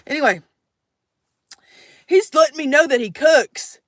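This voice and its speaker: A woman telling a story to her live audience in a casual, animated way, swearing and acting out the voices in it. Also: high-pitched, a little slow.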